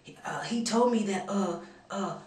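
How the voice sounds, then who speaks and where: A woman putting on a halting man leaving an excuse-filled voicemail, full of uh and you know. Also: mid-range voice, a little mellow, reverberant, recorded from a distance, natural voice. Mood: sheepish.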